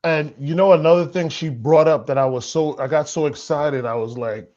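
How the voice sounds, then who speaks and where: A man from Queens, New York co-hosting a podcast, talking in a laid-back, drawn-out way with frequent "you know" fillers. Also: on the high side, a little mellow, muffled recording. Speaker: podcast co-host. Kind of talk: casual chat.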